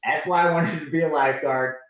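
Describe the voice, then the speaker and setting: A man in his forties, a podcast guest and Navy veteran, telling animated anecdotes in a casual way and acting out the people in them. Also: on the high side, fast. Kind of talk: casual storytelling. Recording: roomy, dull lo-fi sound.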